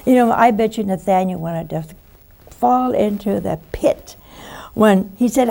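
A woman preacher giving a sermon, swinging between loud exclamations and hushed asides and laughing often. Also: mid-range voice, big pitch swings, unhurried, vocal fry.

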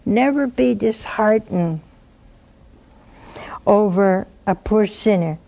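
Slow, gentle woman giving spiritual advice. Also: medium pitch. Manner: gentle, unhurried, peppered with "see?". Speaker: religious advisor answering a viewer. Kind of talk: pastoral advice talk.

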